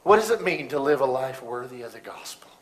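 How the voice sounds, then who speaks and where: A middle-aged man preaching a sermon, telling a story that swings between loud bursts and hushed, quiet moments. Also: medium pitch, animated, a little fast, rough recording.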